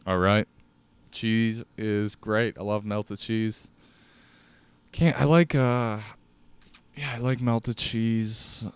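A young man with a deep voice and a Chicago accent, hosting a solo podcast and rambling casually with lots of swearing. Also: fairly even intonation, extremely slow, pauses often, clean tone, no echo. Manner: profane, rambling, jokey. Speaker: podcast host.

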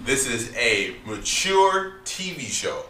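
A man's voice: mid-range voice, very animated, slow, sharp tone. A man hosting a casual chat, talking in a loose, joking, slangy way. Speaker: podcast host. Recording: roomy, distant mic with faint hiss.

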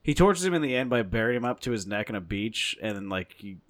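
A man co-hosting a podcast, talking quickly in a slightly low voice. He swears often and gets loud and high when worked up. He is close to a desk mic. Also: very animated. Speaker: podcast co-host. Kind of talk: casual chat.

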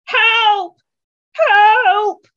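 A woman's voice: high voice, steady tone, normal speed, voice pushed up, natural voice. Woman playing a grief-stricken young man, pleading, sobbing, slightly muffled sound. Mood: screaming. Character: desperate grieving young man.

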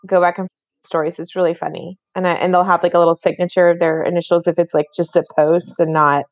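A woman in her thirties co-hosts a podcast, chatting casually and fast with plenty of "like" fillers. Her pitch is fairly low and her delivery flat. There's no room sound.

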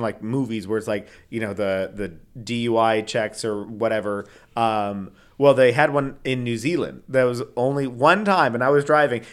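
A man's voice: mid-range voice, a bit bright. A man co-hosting a casual true-crime podcast, reading case details between rambling asides with lots of fillers. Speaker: podcast co-host.

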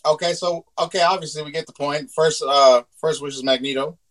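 A man in casual, profane banter with a friend, animated and joking. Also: a little high, a little fast, no room sound. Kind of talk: casual chat.

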